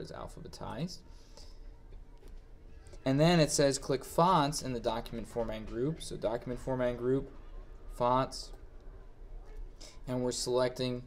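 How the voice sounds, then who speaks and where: A man with an ordinary mid-pitched voice narrates a screen-recorded software tutorial. He reads out each step and then talks it through in a plain way, thinking aloud as he goes. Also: slight background noise. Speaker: instructor.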